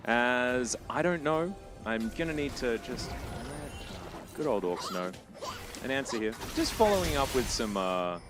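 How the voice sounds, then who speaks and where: A man commentates a competitive video game match on his own, his pitch swinging widely as he talks. He fills gaps with chatty, self-mocking asides and gets loud on big plays. Background music runs steadily under his voice. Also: animated, measured pace. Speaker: esports caster. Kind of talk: play-by-play esports commentary.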